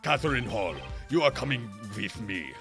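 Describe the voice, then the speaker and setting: A man's voice: mid-range voice, sing-song, moderate pace, creaky. A man voicing a stern, furious older male prosecutor with a put-on German accent, barking scornful commands over game music.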